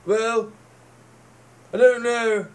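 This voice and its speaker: A man mimicking a loud, fussy, suspicious neighbour. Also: very high voice, fairly even intonation, very slow, clean tone, voice pushed up, heavily acted.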